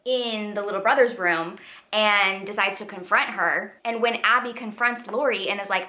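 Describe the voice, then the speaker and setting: A young woman chatting about books in a lively vlog, with a bright, sharp voice. She talks expressively and animatedly, often trailing into fillers. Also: medium pitch, moderate pace. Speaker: book vlogger. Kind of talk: casual book review vlog.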